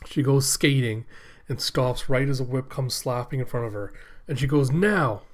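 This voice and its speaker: In a medium-pitched voice, a man paraphrases a comic for a laid-back reaction video he's hosting, keeping it chatty and dropping in quick asides along the way.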